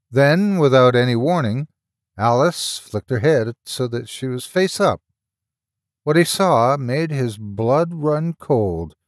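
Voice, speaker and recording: A man's voice: mid-range voice, dry recording, studio quality. Man narrating a horror audiobook.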